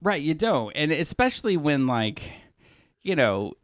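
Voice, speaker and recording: A man's voice: fairly high pitch, big pitch swings, unhurried, no room sound, studio quality. A man co-hosting a podcast, chatting casually and rambling with frequent restarts. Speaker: podcast co-host. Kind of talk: casual chat.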